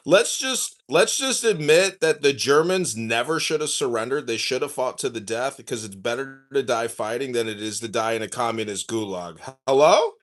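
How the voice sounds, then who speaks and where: A man's voice: mid-range voice, fairly bright tone. A man delivering an emphatic, opinionated rant in a casual group voice chat.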